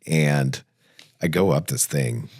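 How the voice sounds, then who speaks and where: Man, podcast host, very low voice, dry close mic, casual swearing storyteller. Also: slow pace, slightly rough, no room sound. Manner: animated storyteller who swears freely.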